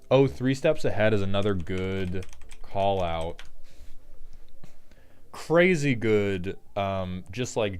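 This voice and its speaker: Smooth low-voiced man, joking deck host. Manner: jokey, rambling, profane, quick asides. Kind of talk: casual commentary on a card game deck.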